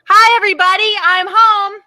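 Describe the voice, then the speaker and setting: A woman voicing a loud, cheerful little girl who shouts and exclaims brightly in a storybook reading. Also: very high voice, measured pace, voice pushed up, exaggerated voice. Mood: loud, excited.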